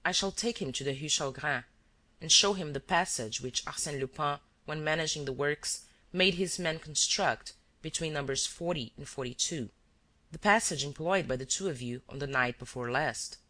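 A reader voicing a male detective who is cool and relentless, laying out accusations calmly and evenly. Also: mid-range voice, natural voice. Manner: calm, measured accusations.

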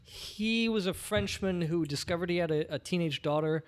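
A man co-hosting a casual movie podcast, animated and laughing as he acts out scenes. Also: sits high, normal speed. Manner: animated, laughs while acting out quotes. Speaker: podcast co-host. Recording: roomy sound with faint noise.

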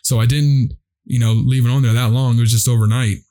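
A man's voice: mid-range voice, steady tone, fairly quick, mellow. A young man telling a rambling, profane story in a casual chat with friends, full of fillers.

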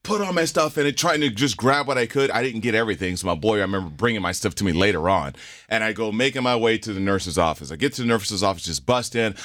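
Animated low-voiced man telling a story. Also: a little fast, no echo, studio quality. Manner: animated, acts out quoted voices with big pitch jumps. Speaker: podcast co-host. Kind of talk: casual storytelling chat.

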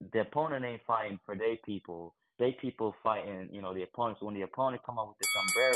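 A man calling in to a show by phone, talking in a rambling, laid-back way. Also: lowish voice. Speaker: caller. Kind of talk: phone-in caller comment. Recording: phone line.

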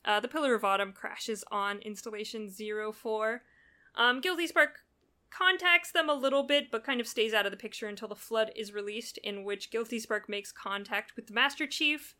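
A woman hosting a casual podcast, recapping a story in an animated, chatty way. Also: on the high side, normal speed. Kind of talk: casual chat.

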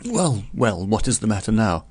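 A man's voice: on the low side, big pitch swings, normal speed, darkish tone, breathy edge, no room sound. A man voicing a gossipy older male curiosity vendor who tells a grim tale in a chatty, meditative way.

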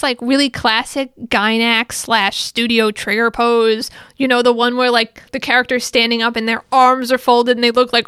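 A chatty, excitable woman recaps an episode and scatters fillers through every sentence. Her voice sits a touch high and sounds bright, smooth and crisp. The sound is close and dry, with no room in it. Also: dry recording. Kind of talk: casual chat.

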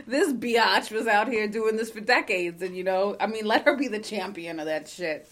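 A woman co-hosting a casual podcast, talking in an animated way, swearing and laughing often as she reads a listener letter. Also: medium pitch, moderate pace, hardly any pauses. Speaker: podcast co-host.

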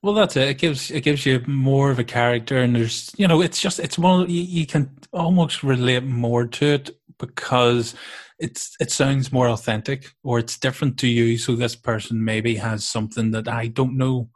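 A man's voice: mid-range voice, moderate pace. A man in casual conversation who talks in a rambling, reflective way, hedging and restarting his sentences often. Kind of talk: casual chat.

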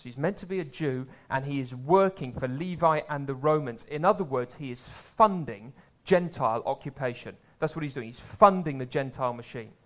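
A man preaching a sermon in a conversational way, swelling louder for emphasis and dropping low for asides.

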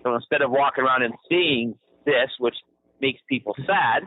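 In casual podcast chat, this Ontario co-host tells stories with animation, cursing freely and laughing a lot. He speaks at a moderate pace in a mid-range voice, recorded with a tinny, phone-like sound.

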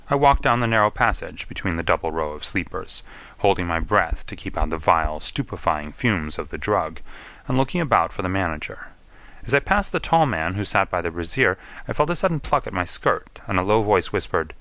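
A man narrating a story in the first person, measured and steady. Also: deep voice, no echo. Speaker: audiobook narrator.

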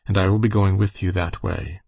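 A man's voice: low voice, fairly even intonation, brisk, gravelly, a little mellow, no room sound. A man voicing an earnest, grieving young backwoods lad with a plain, simple rural turn of phrase.

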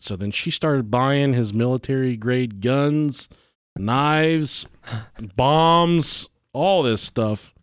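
A man hosting a podcast, telling a true-crime story in casual chat, animated and swearing freely. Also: medium pitch, drawn-out words, clean tone, no echo, studio quality. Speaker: podcast host.

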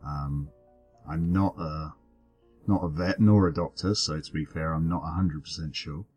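A man's voice: a bass voice, fairly even intonation, normal speed, darkish tone, breathy edge, muffled recording, faint music behind. A man playing a tabletop game, hesitant and unsure, with many fillers. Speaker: player.

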